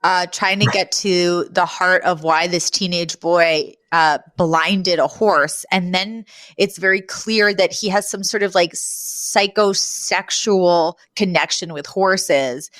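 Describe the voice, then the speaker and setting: A woman co-hosting a podcast in casual chat, giggly and talkative, slowing down to explain things. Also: on the low side, fairly bright tone. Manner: chatty and giggly, slows down to explain. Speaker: podcast co-host.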